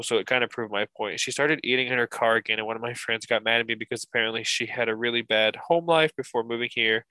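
Blunt, joking man with a bright voice. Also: on the low side, clean tone, no room sound, rough recording. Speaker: podcast host reading listener posts. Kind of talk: casual chat and reading aloud.

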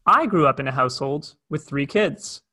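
A young man recounts a personal story in a candid, conversational way. His voice is bright and sits a little higher than most men's, with an animated, natural flow. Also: normal speed. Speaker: speaker telling a personal story. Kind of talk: storytelling talk.

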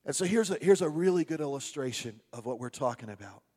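A pastor with a New Jersey and New York accent who preaches a sermon as a chatty story, with many restarts and asides to the congregation. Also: male voice, a little high, animated, quick pace, darkish tone, slightly rough, long reverb tail.

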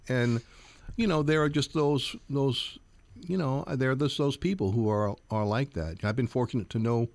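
A man's voice: mid-range voice, dry recording. A man in his sixties, a jazz guitarist and professor, answering interview questions earnestly, with many fillers and repeats.

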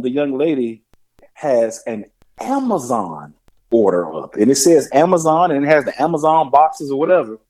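A man co-hosts a casual sports talk show. He is an animated storyteller with a lively, swinging pitch who acts out the people he quotes. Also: low-quality recording. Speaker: co-host.

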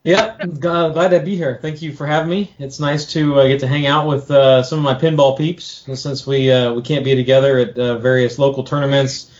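A man's voice: medium pitch, steady tone, a little fast, hardly any pauses, a little hiss or hum. A man on a podcast as a trivia contestant, chatting in a friendly, easygoing way. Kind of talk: casual chat. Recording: dull lo-fi remote audio.

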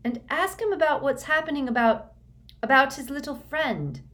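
Hermione, a woman doing a bright eager schoolgirl. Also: medium pitch, sing-song, moderate pace, voice pushed up. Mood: friendly. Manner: bright and calling out. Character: eager teenage schoolgirl, friendly.

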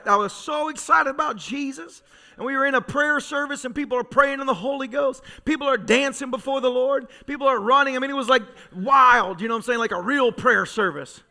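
High, bright-voiced fervent preacher man. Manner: fervent, storytelling preacher who swings from soft to shouting. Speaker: pastor. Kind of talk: sermon. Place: church sanctuary.

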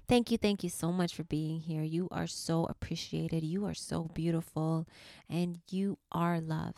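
Slow, soft-spoken spiritual podcast woman. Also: lowish voice, no echo, clean studio sound. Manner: soft and affectionate, sometimes drops to a whisper. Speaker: podcast host and life coach.

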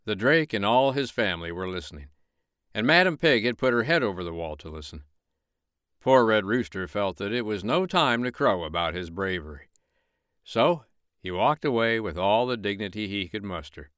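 A man's voice: on the low side, expressive, moderate pace, a bit bright, clean tone, no echo, studio quality. A man reading a bedtime story aloud as narrator, folksy and chatty in his asides.

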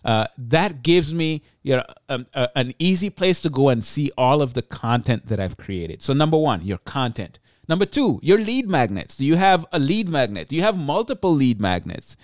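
Male solo podcaster, tired but energetic, talks straight into a dead-dry mic. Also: medium pitch, moderate pace, few pauses, no echo. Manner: energetic, chatty, self-deprecating asides. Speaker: podcast host. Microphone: close podcast mic.

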